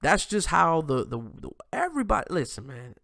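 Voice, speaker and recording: A man hosting his own show, talking in a loose, animated monologue that often ends lines with "man" and restarts mid-sentence. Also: on the high side, normal speed, gravelly, no echo, studio quality. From United States. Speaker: host. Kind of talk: casual commentary monologue.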